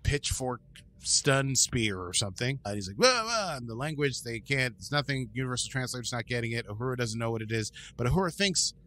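A man's voice: medium pitch, fairly quick, pushed and bright, slight background noise. A man hosting a podcast, giving a casual, rambling episode recap with asides. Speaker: podcast host.

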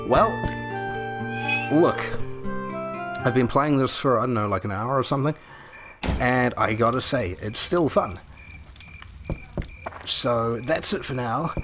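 A man giving casual commentary on a video game playthrough in a relaxed, chatty way. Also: mid-range voice, slow, long pauses, over music. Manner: relaxed and chatty, reads game text aloud. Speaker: game streamer. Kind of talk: casual let's-play commentary.

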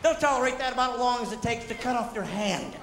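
A man doing a high-energy stand-up comedy set, shouting and working the crowd. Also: fast talker. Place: large hall with a live audience. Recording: echoey hall, loud crowd and noise.

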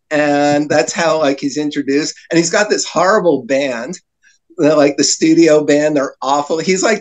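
A man's voice: fairly high pitch, poor audio. A man telling long rambling anecdotes as a podcast guest, with frequent fillers and laughter. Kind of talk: storytelling in casual chat.

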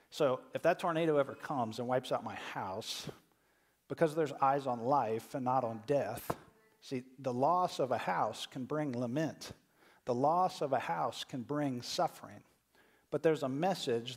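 A pastor delivers a sermon in a conversational way, often doubling words as he starts a thought. His voice sits a little higher than most men's. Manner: conversational preaching, repeats words when starting phrases.

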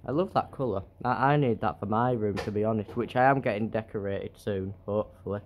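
A man's voice: lowish voice, fairly quick, few pauses, slight background noise. A man from England chatting to camera in a travel vlog, rambling with fillers and asides from a hotel room. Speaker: travel vlogger. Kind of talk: casual vlog chat to camera.

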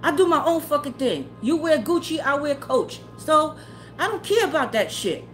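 A woman's voice: sits high, big pitch swings, normal speed, soft background music. Blunt, profane woman ranting to her chat. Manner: blunt, profane, heated, often laughing. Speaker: tarot livestreamer. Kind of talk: profane casual rant to live chat.

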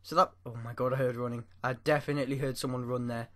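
A man's voice: mid-range voice, fast talker. Jittery man doing let's-play commentary. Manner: jittery, excitable, talks to himself and his viewers. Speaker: gaming YouTuber.

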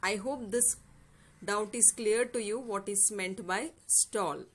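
A woman teacher with an Indian English accent, reading a fable aloud and patiently explaining each word to her students. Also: mid-range voice. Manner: patient, explains words slowly, asks "yes or no?". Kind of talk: classroom story explanation lesson.

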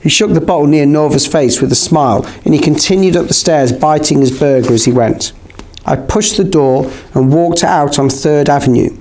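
Guy reading an audiobook, bit higher voice, steady and measured. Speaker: audiobook reader. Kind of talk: scripted narration.

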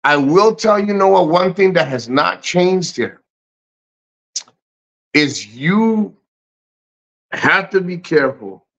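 A man's voice: sits high, animated, slow, long pauses, fairly bright tone. A man hosting a casual livestream, reading chat and giving blunt, profane motivational rants. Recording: muffled lo-fi stream audio.

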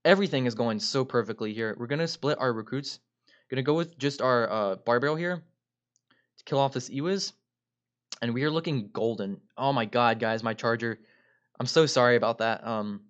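A man narrates his gameplay in an upbeat play-by-play style, calling out each move as he makes it and regularly speaking straight to his viewers. His voice sits at an ordinary middle pitch for a man. The recording sounds a little dull and lo-fi. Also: fairly quick. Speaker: gaming video creator. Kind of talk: gameplay commentary.

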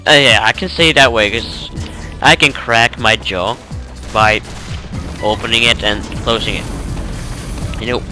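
Man from norway, tired, rambling game commentary, very slow, game music under it. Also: mid-range voice, steady tone. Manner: rambling, self-correcting, chuckling. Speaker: let's play gamer. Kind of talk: casual gameplay commentary.

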